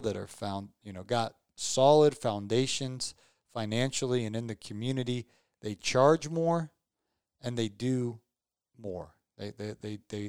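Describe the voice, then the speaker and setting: Male podcast host, casual and rambling, smooth clear voice, dry sound. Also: medium pitch, a little mellow, no echo. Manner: rambling, repeats words, upbeat and joking. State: tired. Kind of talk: casual chat.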